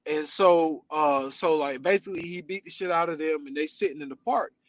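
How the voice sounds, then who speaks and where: High-voiced man animatedly retelling a story. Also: brisk, no room sound, poor audio. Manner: animated storytelling, often says "you know what I'm saying". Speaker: podcast host. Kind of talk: casual chat.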